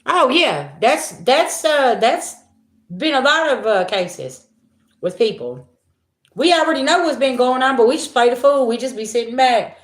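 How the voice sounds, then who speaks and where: A woman's voice: high-pitched, lively intonation, measured pace. A woman giving a spiritual reading to her viewers in a casual monologue, blunt and profane, repeating herself for emphasis. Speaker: spiritual reader. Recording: echoey room.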